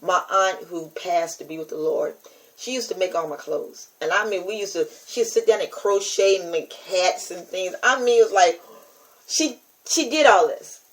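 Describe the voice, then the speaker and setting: An older American woman hosts her own podcast and preaches directly to listeners in a casual monologue, testifying with emphasis and repetition. Her voice sits lowish and moves at a normal speed, and the recording is rough.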